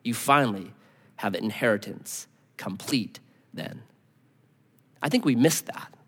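A man preaching a sermon as pastor, conversational and animated, often dropping to a hushed near-whisper. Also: on the low side, a little slow, slightly rough, in a large hall.

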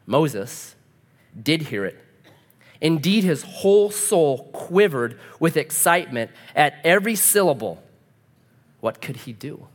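In a large hall, a man with a fairly high voice preaches slowly as a pastor. His sermon is animated storytelling, with him acting out the voices of the characters.

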